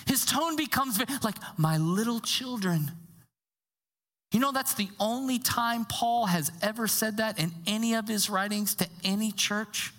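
A woman pastor delivering a sermon in an animated, conversational way, sometimes dropping to a hushed tone for emphasis. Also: fairly high pitch, normal speed, hardly any pauses. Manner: animated, conversational preaching with acted quotes.

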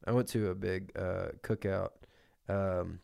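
A man's voice: deep voice, flat delivery, measured pace, creaky, a little mellow, no room sound, clean studio sound. A man co-hosting a podcast, laughing a lot as he swaps crude, silly improvised stories. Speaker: podcast co-host. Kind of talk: casual comedic improv chat.

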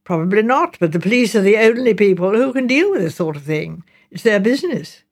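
A curt, practical gentleman, clipped and a little impatient, read by a woman. His lines come with lively ups and downs. This is a storybook voice. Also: medium pitch, a little fast. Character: impatient, reasonable London gentleman, the story's narrator.

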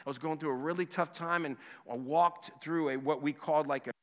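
A man in his fifties preaching a sermon, emphatic and impassioned, then dropping to a hushed voice for a personal story. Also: on the high side, fairly even intonation, fairly quick. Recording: long hall reverb.

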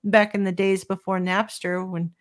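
An older woman, a professor and interview guest, explaining ideas in a measured, teacherly way. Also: mid-range voice, flat delivery, no room sound, clean studio sound.

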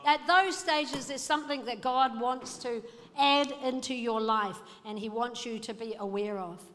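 A woman delivers a sermon in a high voice, pressing her listeners with rhetorical questions. Her words ring through a reverberant hall while music plays underneath. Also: a little slow, a bit bright. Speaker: pastor. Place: church hall.

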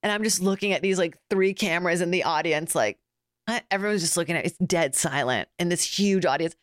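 A woman's voice: on the low side, a little fast, dry recording, studio quality. A young woman guest comedian chatting casually, telling stories animatedly with lots of fillers and acted-out quotes. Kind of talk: casual chat.

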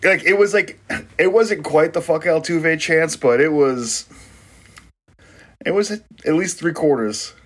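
Fairly high, unhurried and fairly bright with a breathy edge, this podcast co-host's voice carries casual baseball talk. He eats as he jokes around, swears and laughs a lot.

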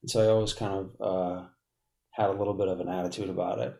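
Blunt, lively man from Boston. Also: low-pitched, fast talker, gravelly. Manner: blunt, profane, animated. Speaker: podcast guest. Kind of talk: casual storytelling.

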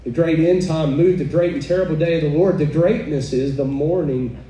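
A woman's voice: deep voice, a little fast, mellow. A woman preaching a sermon to a live audience, fervent and exclaiming, with chuckling asides. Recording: echoey room, mic far off, faint noise.

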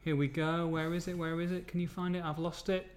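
A man hosting a casual live podcast, jokey and excitable, rambling and restarting his sentences. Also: a little high, a little fast. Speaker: podcast host.

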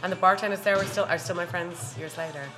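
A woman with an Irish accent chatting as a guest, effusive and quick to laugh. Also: on the low side, steady tone, over music. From Ireland. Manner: warm, effusive, laughs often. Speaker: guest, hospitality worker. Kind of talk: casual chat. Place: bar.

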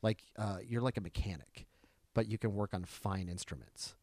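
A man's voice: lowish voice, moderate pace, no echo. Ranting storyteller guy, dry close mic. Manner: rambling storyteller who builds into loud ranting. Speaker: comedian. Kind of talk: casual podcast chat.

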